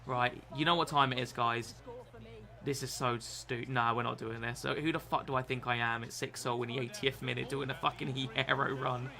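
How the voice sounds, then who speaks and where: A young British man streaming a football game, swearing, self-mocking and excitable. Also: mid-range voice, normal speed, creaky. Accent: British English. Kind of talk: gaming live stream commentary.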